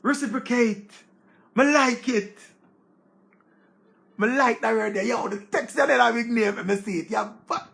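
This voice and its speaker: Excitable Jamaican man with a gravelly voice. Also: very high voice. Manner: excitable, exclaims and repeats words. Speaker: online show host. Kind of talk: casual commentary in Patois-laced English.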